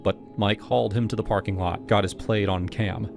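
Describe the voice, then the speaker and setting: A man with a fairly low voice reads a horror story aloud in a steady, scripted first-person narration. Music plays clearly behind him throughout. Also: normal speed.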